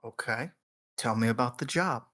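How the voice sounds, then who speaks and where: A slick, swaggering male thief with a put-on Italian accent, played by a game master. He talks in a guarded, cagey way at a middling pitch. It sounds like a tabletop role-play. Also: normal speed, sharp tone, dry recording, studio quality, close to an everyday voice. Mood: businesslike.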